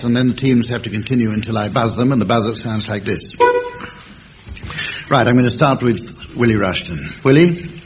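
A man chairing a comedy panel game on the radio, announcing rounds in a dry, deadpan way. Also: mid-range voice. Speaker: quiz show chairman. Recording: dull old radio recording with hiss.

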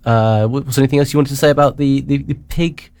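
A man hosting a casual news chat, rambling with many halting restarts. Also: medium pitch, fairly even intonation, darkish tone, clear, resonant tone. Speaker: radio show host.

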